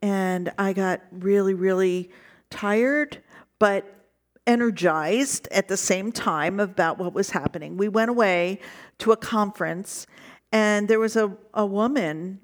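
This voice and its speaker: Slow-speaking woman pastor giving a sermon. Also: medium pitch. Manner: reflective, personal storytelling.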